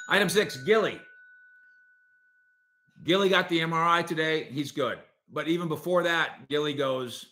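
Bright-voiced opinionated man hosting sports talk. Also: fairly high pitch, a little slow. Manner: opinionated, jokey, restarts and stumbles often. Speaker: sports talk show host.

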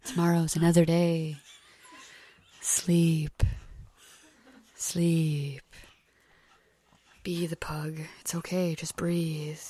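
A woman voicing her pet pug's inner voice as a slow, hushed meditation guide, partly whispered. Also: lowish voice, fairly even intonation, creaky, voice pushed down, exaggerated voice. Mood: soothing. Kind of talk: playful voiceover role-play.

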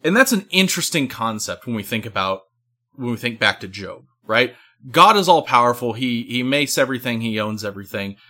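Bright-voiced man explaining ethics. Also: medium pitch, lively intonation, brisk. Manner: lecturing, hedging with "like" and "right?". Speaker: podcast co-host. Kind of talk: casual analytic discussion.

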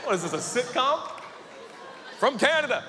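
A man in his forties preaching a sermon in an animated, jokey, conversational way. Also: very high voice, moderate pace, slight background noise. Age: 40s. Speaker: pastor. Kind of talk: humorous sermon storytelling. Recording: echoey hall with faint ambience.

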